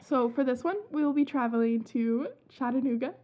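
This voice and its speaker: A young woman talks fast in a high, dark-toned voice with fairly even intonation as she hosts a casual podcast on haunted places. She's chatty, giggles, and swears casually through her spooky stories, recorded with a dull lo-fi sound.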